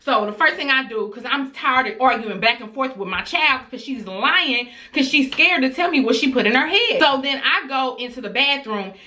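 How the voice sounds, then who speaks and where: A woman in her thirties tells a storytime to her viewers with a bright, forceful voice. She talks casually and animatedly, acting out her children's voices along the way. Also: sits high, animated, normal speed, hardly any pauses. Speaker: vlogger telling a story.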